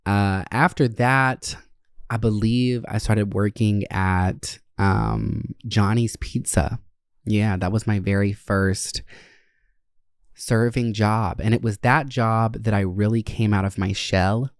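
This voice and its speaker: A man hosting a podcast, telling candid, profane stories in a casual, animated way. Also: lowish voice, slow pace, clean tone, no echo, clean studio sound. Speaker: podcast host.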